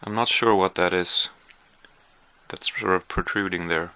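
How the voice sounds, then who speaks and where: A man's voice: low voice, fairly even intonation, a little slow, sharp tone, clean tone. A man chatting casually through a taste-test vlog, hesitant with lots of fillers, sometimes talking while chewing. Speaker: vlogger.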